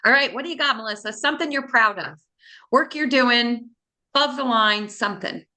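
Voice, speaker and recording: A woman's voice: fairly high pitch, animated, brisk, sharp tone. A woman coach hosting a casual group video call, upbeat and encouraging as she calls on people by name.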